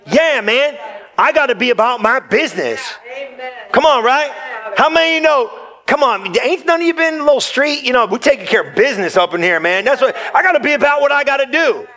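A man preaching a sermon in church, energetic and joking with the congregation, sometimes rising close to a shout. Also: very high voice, vocal fry. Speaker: pastor.

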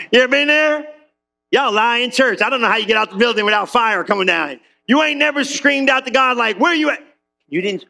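A man preaching an energetic sermon, conversational and full of slang, acting out quick voices, swinging between loud bursts and low drawn-out lines, and asking the congregation questions. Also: gravelly. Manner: casual slang, asks the room questions. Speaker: pastor.

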